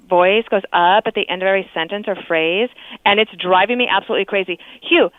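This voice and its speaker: A woman's voice: mid-range voice, fast talker, dry recording. A woman guest phones in to a radio show and chats candidly, easing in the odd filler. The line sounds tinny and phone-like, with no room around her. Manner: chatty and candid, with small fillers. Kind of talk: phone interview on talk radio.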